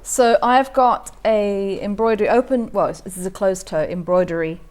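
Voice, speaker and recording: A woman's voice: mid-range voice, normal speed, darkish tone. Woman quilting tutor explaining steps. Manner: practical, explains steps plainly with fillers. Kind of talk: live craft demonstration.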